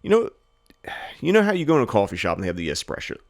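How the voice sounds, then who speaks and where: A man's voice: mid-range voice, racing, vocal fry, no echo, studio quality. A man co-hosting a podcast, telling a rambling story in casual chat and swearing often. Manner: rambling storyteller, swears a lot, animated when mimicking people. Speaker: podcast co-host.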